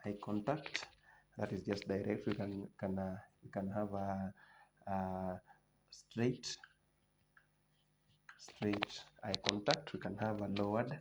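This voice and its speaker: Over a noisy background, a man with a fairly low, level voice teaches an exam revision lesson slowly, pausing often. He lists points one at a time, repeats key terms and frequently restarts his sentences.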